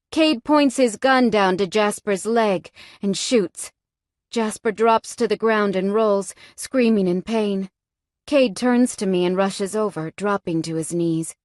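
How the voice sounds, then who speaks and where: A woman reads a first-person romance audiobook with tense drama. She takes her time, and her voice is dry and close with no room sound. Her pitch sits mid-range. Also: no room sound. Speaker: audiobook narrator.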